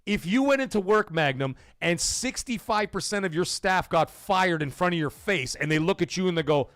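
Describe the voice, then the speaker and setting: Male stream host, lively swing in pitch, slightly high voice, foul-mouthed rhetorical ranter. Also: normal speed, no echo, studio quality. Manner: profane, animated, rhetorical questions; acts out quoted voices with pitch jumps. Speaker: livestream host. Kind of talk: casual gaming livestream rant.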